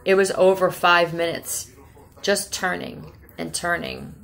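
A woman's voice: on the low side, little pitch movement, measured pace, vocal fry, fairly bright tone. A woman from Philadelphia giving a casual tarot reading, talking bluntly and with a lot of profanity, rambling from one thought to the next. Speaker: tarot reader.

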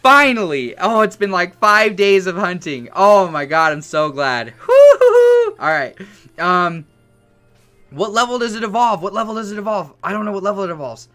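A young man streaming a game, yelling and cursing with joy, his voice hoarse from shouting. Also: high voice, lively intonation, normal speed, faint music behind. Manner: ecstatic shouting, cursing, repeated yells of yes. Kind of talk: live-stream game reaction.

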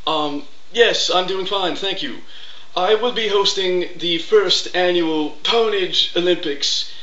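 A shrill, pompous, whiny vlogger. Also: male voice, takes it slowly, sharp tone, heavily acted. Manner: pompous, then shrill and whining. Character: mocking impression of a smug, whiny male vlogger. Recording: echoey, dull lo-fi room.

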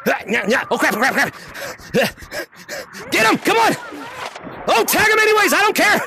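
Male VR streamer, very high and lively, shouty and hyped, laughs a lot, headset mic at home. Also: moderate pace, gravelly. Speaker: VR game streamer and lobby host. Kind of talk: excited live gameplay commentary. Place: at home playing in VR.

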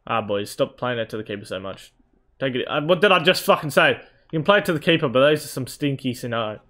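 A young man commentating live over his own football video game, excitable, swearing and shouting at his team. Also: medium pitch, fast talker. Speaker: gaming YouTuber.

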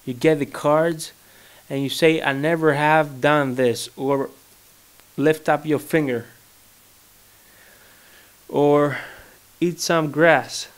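Slow-talking young Greek-accented man. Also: a little high, level tone, smooth. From Greece. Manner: rambling, joking, searches for words. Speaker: vlogger. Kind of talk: casual solo monologue. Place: his home.

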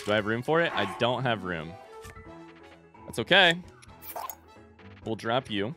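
A man's voice: medium pitch, big pitch swings, moderate pace, pauses often, bright, forceful tone, faint music behind. A man hosting a casual let's-play video, chatting animatedly and talking back to the creatures in the game. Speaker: gaming video host.

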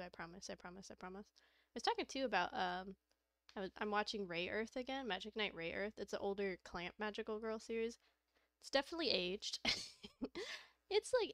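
A young woman chatting on her stream in a rambling, excitable way, breaking into laughter and swearing casually. Her voice sits at an ordinary middle pitch. She speaks close to a desk mic in a dry, deadened room. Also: dry recording.

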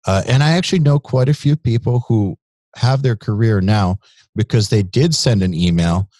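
Low-voiced guy on a podcast, blunt and candid, dry close sound. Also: normal speed, dark tone, no echo. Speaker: podcast guest, company CEO. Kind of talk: casual interview chat.

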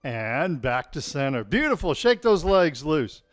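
Man, tai chi instructor, unhurried home-stream cueing with dry puns, dry close mic. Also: fairly high pitch, dry recording. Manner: calm cueing of movements mixed with deadpan puns. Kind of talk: live-streamed exercise class with jokes. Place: home, alone without a live audience.

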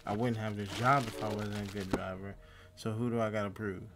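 A man's voice: lowish voice, fairly even intonation, brisk, very noisy. A man giving laid-back, profane commentary while playing a game, telling a story between fights. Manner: laid-back, talks to himself, swears at enemies. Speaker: gaming YouTuber. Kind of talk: casual gameplay commentary.

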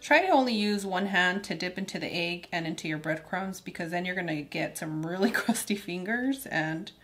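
A woman's voice: fairly low pitch, animated, normal speed, a bit bright, soft background music. A woman hosting a cooking channel, giving upbeat, chatty step-by-step recipe narration.

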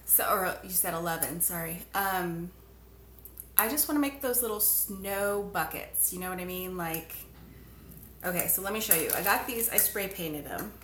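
A woman's voice: fairly low pitch, moderate pace, a bit bright, a little hiss or hum. A woman hosting a casual live craft stream from home, chatting along and greeting viewers by name as she works. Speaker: craft livestream host. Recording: echoey room.

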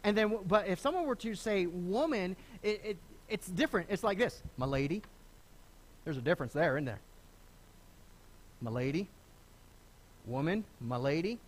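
A high, very animated male voice preaching from a church pulpit. He is a middle-aged pastor who swings his pitch up and down as he talks, stumbling over restarts and slipping into the voices of the people he quotes. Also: moderate pace, pauses often. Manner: lively, conversational preaching with repeated starts and acted quotes. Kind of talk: sermon. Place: church sanctuary.

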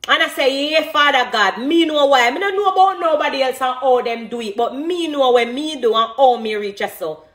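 A woman's voice: high-pitched, animated, normal speed, hardly any pauses, fairly bright tone. A middle-aged woman with a Jamaican accent, talking passionately and emphatically in an interview about her music. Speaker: dancehall artist. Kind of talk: emotional interview talk.

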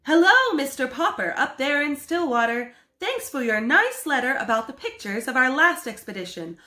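A woman doing a booming radio admiral. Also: very animated, normal speed, heavily acted. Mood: proclaiming. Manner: loud, proclamatory. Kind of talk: storybook read-aloud. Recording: echoey room.

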